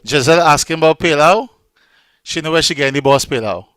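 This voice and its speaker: Trinidadian male host, loose and joking on a video call, smooth clear tone, dry sound. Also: a little high, fast, fairly bright tone, no echo. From Trinidad and Tobago. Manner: chatty, loose and joking, with many ums. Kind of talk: casual online show hosting.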